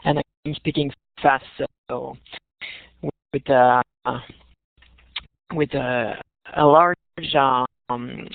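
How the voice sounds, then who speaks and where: French Canadian man, slow and gravelly. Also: medium pitch, steady tone, no room sound. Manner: hesitant, many fillers. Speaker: presenter. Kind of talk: webinar talk. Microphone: online call microphone. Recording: tinny phone-like web call.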